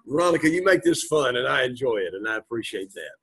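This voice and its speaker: A man teaching a Greek class, reading Greek aloud, translating it and quizzing his students, often clearing his throat. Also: mid-range voice, animated, fast talker, hardly any pauses, a bit bright. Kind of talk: classroom lecture.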